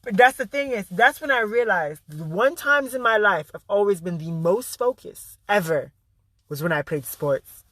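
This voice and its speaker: An intense man preaches a motivational vlog monologue in a high, bright, forceful voice. He swears freely and hammers his key phrases again and again. The sound is close and dry. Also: expressive, moderate pace, no room sound. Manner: intense, emphatic and profane, repeating key phrases. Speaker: spiritual motivational speaker.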